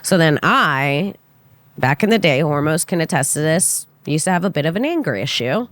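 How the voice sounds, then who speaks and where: A young woman on a podcast, casually telling a story in an animated way and acting out the quotes with big jumps in pitch. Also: normal speed, no echo. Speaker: podcast guest, comedian.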